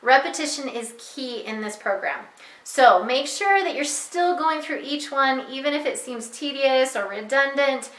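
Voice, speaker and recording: A young woman teacher walking parents through a reading lesson, talking clearly and patiently and slowing down to model sounds. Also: high voice, fairly bright tone, reverberant, rough recording. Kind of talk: instructional walkthrough for parents.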